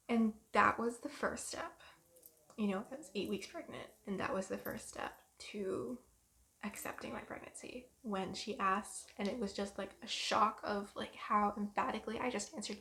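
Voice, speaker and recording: A young woman in her twenties rambling through a personal story in a vlog, soft and emotional with many pauses and ums. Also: a little high, gravelly. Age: 20s. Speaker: vlogger.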